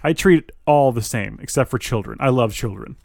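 A man's voice: medium pitch, moderate pace, gravelly, a little mellow, no echo, clean studio sound. A man reading aloud as a grumpy, creepy old woman from HR who speaks in clipped, threatening lines. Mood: cold.

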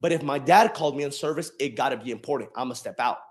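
A young man preaching a sermon and telling his own story, moving from quiet reflection to shouted emphasis. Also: mid-range voice, fast. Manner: testimony-style preaching, swinging from soft reflection to shouted emphasis.

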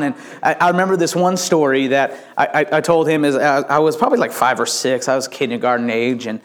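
Male pastor, animated sermon, jokey, stammering restarts, slightly high voice. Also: fast, few pauses. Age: adult with young children. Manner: animated, playful preaching with stammered restarts and jokes.

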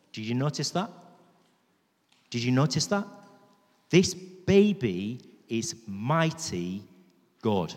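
A man preaching a sermon in a church, emphatic and repeating key phrases for weight. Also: on the high side. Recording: reverberant church hall.

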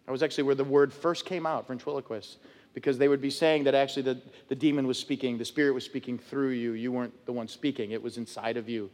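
A man preaching an expository sermon as pastor, animated and acting out voices of people in the story. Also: mid-range voice, fast, in a large hall. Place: church sanctuary.

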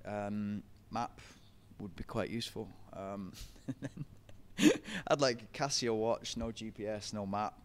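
A man's voice: fairly low pitch, slow. A young man, telling running stories in a casual interview, chatty and laughing often. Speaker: podcast guest, ultra runner.

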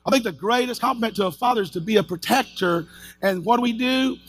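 A middle-aged man preaching as pastor, his voice high and slightly husky. He tells personal stories with animation, acting out the shouted lines he quotes, while faint music plays behind him. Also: fast.

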